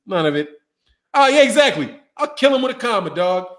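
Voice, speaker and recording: High-pitched man, boxing commentator, animated trash-talking rant. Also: a little fast. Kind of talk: casual rant to camera.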